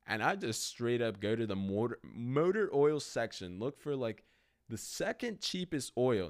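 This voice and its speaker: A man's voice: medium pitch, moderate pace. A young man hosting a podcast, telling a rambling story in a casual way, with a lot of "like". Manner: rambling, animated, heavy use of "like". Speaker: podcast host.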